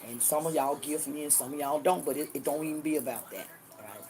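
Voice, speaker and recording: Loud trash-talking woman in her sixties. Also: quick pace, slight background noise. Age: 60s. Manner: loud, cursing, trash-talking, swings between hollering and low muttering. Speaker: livestream host. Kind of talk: livestream chat answering viewers.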